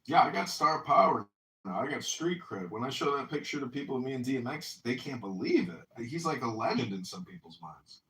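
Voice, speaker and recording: A man's voice: mid-range voice, lively intonation, fairly quick, a bit bright, reverberant, far from the mic, slight background noise, poor audio. A man chatting casually in a live audio room, a boastful, rambling storyteller. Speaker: political candidate.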